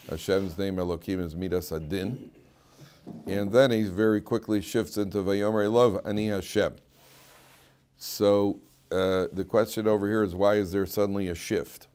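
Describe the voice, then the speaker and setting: With a fairly low, warm and smooth voice, a rabbi gives an informal Torah lecture at his weekly class. He jokes and chats as he goes, frequently repeating himself and starting over.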